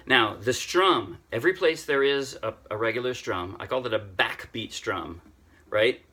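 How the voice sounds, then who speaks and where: An older man casually teaching a ukulele song, chatty and self-deprecating, thinking out loud with frequent restarts. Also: mid-range voice, animated, moderate pace, husky. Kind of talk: casual music tutorial. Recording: ukulele playing loudly throughout. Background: ukulele playing.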